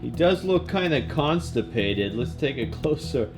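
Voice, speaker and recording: Brief: jokey male toy reviewer, slow unhurried delivery, background music. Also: mid-range voice, lively intonation. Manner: playful, laughing, jokey. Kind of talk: toy unboxing vlog.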